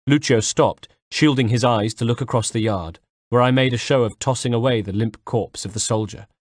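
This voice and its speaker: A man reading a first-person audiobook in a measured, dramatic way on a close mic. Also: medium pitch, dry recording. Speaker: audiobook reader.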